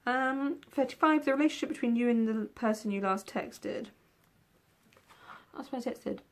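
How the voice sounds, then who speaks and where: A woman's voice: on the high side, normal speed. A young woman answers tag questions in a casual vlog. She rambles loosely, filling gaps with ums and the occasional yawn. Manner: rambling, with many ums and yawns. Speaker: book vlogger. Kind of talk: casual tag video chat.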